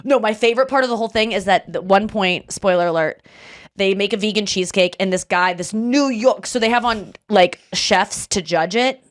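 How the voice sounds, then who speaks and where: A young adult woman hosting a podcast, chatting casually and animatedly, breaking into loud mock voices. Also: medium pitch, moderate pace. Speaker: podcast host.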